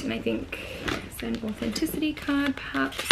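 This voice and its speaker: A woman with an Australian accent talks through an unboxing in an easy, gushing vlog manner, full of likes and little ums. Her voice sits somewhat high, and faint noise hums beneath it from an indoor room at home. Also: normal speed, creaky. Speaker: vlogger.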